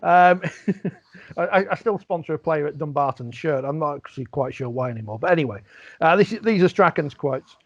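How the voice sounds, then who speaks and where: A man's voice: on the high side, lively intonation, a little fast, no echo. Dry lo-fi male podcast host. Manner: wry, reads quotes aloud. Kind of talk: casual sports podcast chat. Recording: dry, dull lo-fi sound.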